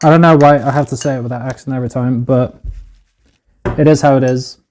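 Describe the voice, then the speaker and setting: In a casual cooking live stream shot on a phone in his home kitchen, a man talks with his viewers, whom he calls "boys," swearing freely. He has a warm, mid-range, level voice at a fairly quick pace, with a little hiss or hum in the audio.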